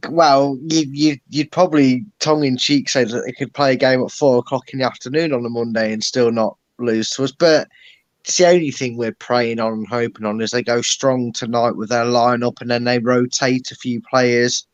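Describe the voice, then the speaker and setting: A man's voice: mid-range voice, steady tone, normal speed, dry recording. A man co-hosting a football fan channel, opinionated and sardonic in casual chat. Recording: dry, dull lo-fi mic.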